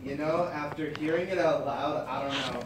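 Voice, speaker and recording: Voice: medium pitch, normal speed, a crowd in the background, natural voice. An actor playing a wisecracking teenage boy student who teases his classmates with jokes. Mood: teasing. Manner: teasing, jokey. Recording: distant echoey noisy room.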